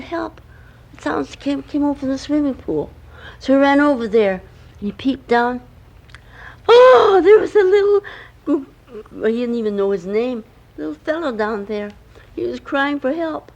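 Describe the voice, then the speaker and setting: A woman's voice: fairly high pitch, moderate pace, creaky, darkish tone, rough recording. An older woman, a grandmother, telling a homemade bedtime story at home with chatty asides to the listening child.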